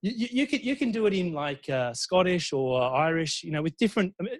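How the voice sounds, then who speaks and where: Speaking a little fast in a voice on the high side, an Australian university lecturer presents at a conference. He's animated, keeps checking in with the audience, and often uses fillers and restarts.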